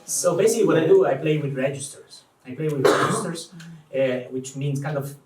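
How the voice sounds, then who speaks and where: A man with an Italian accent, a native Italian speaker, talks as a guest translator in a live public conversation, thoughtful and animated with many restarts. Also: on the high side, fairly quick. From Italy. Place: event room before an audience. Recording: echoey room, distant mic, faint noise.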